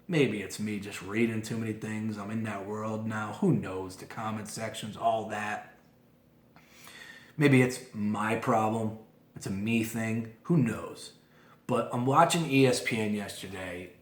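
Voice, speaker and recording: A man hosting a casual podcast, giving his opinions in a fired-up monologue with lots of restarts and asides. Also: on the low side. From moved to Philadelphia as an adult. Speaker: podcast host. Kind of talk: casual sports talk monologue. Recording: roomy echo.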